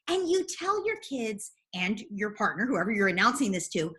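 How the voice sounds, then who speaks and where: A woman's voice: fairly high pitch, lively intonation, moderate pace, hardly any pauses, a bit bright. A woman guest in an interview, earnestly explaining parenting advice step by step. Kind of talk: interview answers.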